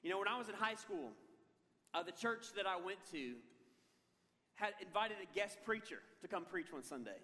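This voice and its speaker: Bright, high-voiced male pastor preaching. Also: normal speed. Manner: animated storytelling, self-deprecating humor. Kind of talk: sermon. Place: large church hall. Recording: long hall reverb.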